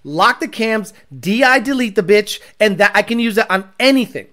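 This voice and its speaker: A man talking casually on a livestream as a performance car tuner, blunt and animated, swearing freely. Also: sits high, moderate pace.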